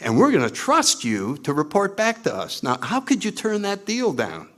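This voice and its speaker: A man's voice: sits high, normal speed. A man speaking at a recovery meeting, telling his story with wry self-mockery and acting out his own past lines. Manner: animated, acts out his own past lines in put-on voices. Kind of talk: storytelling talk to a meeting audience.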